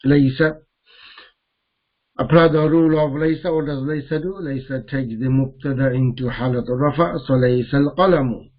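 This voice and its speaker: A man's voice: medium pitch, fairly even intonation. Man teaching grammar, dull-sounding recording. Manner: repeats each term slowly, mixing Arabic terms into English. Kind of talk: classroom grammar lesson.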